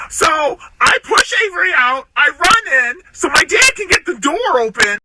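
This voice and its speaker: A woman's voice: very high-pitched, sing-song, moderate pace, hardly any pauses. A woman telling a story in a frantic, tearful way. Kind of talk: storytime narration. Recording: loud noisy clicking background.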